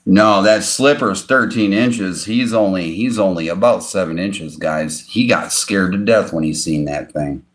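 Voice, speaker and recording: A man hosting a casual livestream from his home beside a fish tank. He chuckles often and coos at his pet fish in sudden high bursts. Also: unhurried, few pauses. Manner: chuckles often between remarks. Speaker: fishing channel host.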